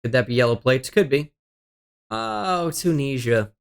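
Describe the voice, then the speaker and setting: A man's voice: mid-range voice, lively intonation, unhurried. Exasperated man muttering through a game. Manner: self-deprecating, exasperated muttering with frequent swearing. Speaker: gaming streamer. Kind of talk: live game commentary.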